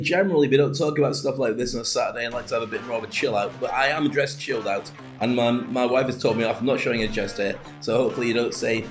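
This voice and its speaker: A man hosting a casual live business show, talking in a chatty, rambling way with jokey asides. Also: mid-range voice. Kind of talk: casual livestream monologue. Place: home in the UAE.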